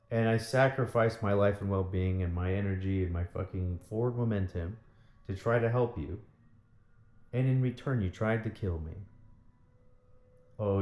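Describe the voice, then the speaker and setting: A man's voice: on the low side, darkish tone. A man in a bitter, profane personal rant about a former partner, often repeating himself. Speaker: vlogger. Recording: echoey room.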